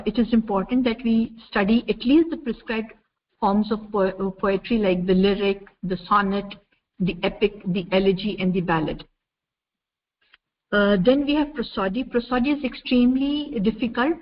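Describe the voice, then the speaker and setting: A woman from India giving a measured university lecture over slides, explaining step by step with frequent "uh" fillers. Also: mid-range voice. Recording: dull lo-fi recording with faint noise.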